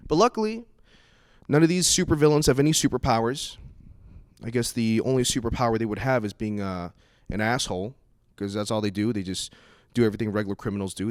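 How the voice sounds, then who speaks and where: A young man doing a stand-up comedy set. He talks in a casual, profane way and breaks into loud, exasperated outbursts. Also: on the low side, dry recording, studio quality. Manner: animated, swings into loud exasperated bursts; profane, conversational.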